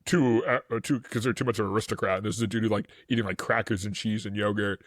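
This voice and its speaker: A man co-hosting a casual history podcast, talking in an animated, rambling way with lots of fillers. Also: on the low side, very fast, no room sound, studio quality. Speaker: podcast co-host.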